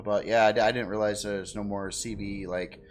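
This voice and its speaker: A man's voice: lowish voice, steady tone, moderate pace. A man chatting casually while playing a game, easygoing and laughing often. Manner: easygoing, laughs often, flares up when frustrated. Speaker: game streamer. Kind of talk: casual gameplay chat.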